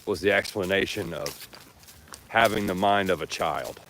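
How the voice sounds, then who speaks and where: A man's voice: deep voice, moderate pace, fairly bright tone, slight background noise. A man musing aloud to his viewers outdoors while walking with his dogs. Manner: laid-back, musing, talks to his dogs. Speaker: vlogger. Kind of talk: rambling outdoor chat.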